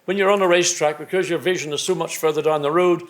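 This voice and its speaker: A man in his seventies, a former racing driver, telling stories on stage at a club evening in a reflective, measured way with many restarts. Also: fairly high pitch, steady tone. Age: 70s. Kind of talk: after-dinner conversation on stage. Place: club evening event indoors.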